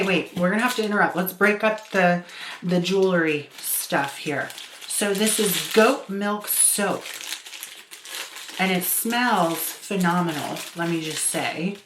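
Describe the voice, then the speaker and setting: A woman vlogger opening gifts in a casual chat, gushing and exclaiming, with laughs between her words. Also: lowish voice. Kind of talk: casual gift-opening vlog. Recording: echoey room with faint noise.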